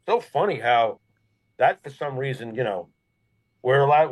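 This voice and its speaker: A man's voice: mid-range voice, a little slow, long pauses, rough recording. Blunt, sarcastic man telling a story. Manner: blunt and sarcastic, with swearing and mocking asides; animated when telling a story. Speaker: talk show co-host. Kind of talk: casual conversational storytelling.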